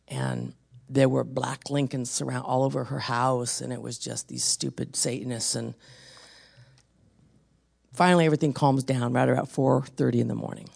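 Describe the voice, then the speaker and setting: Preacher, gravelly voice, intense testimony-style sermon, swings from hushed to forceful. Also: lively intonation, normal speed. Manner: intense storyteller, drops to hushed low tones then builds to forceful exhortation.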